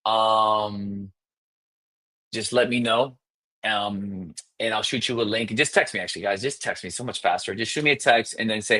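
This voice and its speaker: Energetic man coaching sales live. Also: fairly low pitch. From South Florida. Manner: energetic, fast, emphatic, demonstrates scripts.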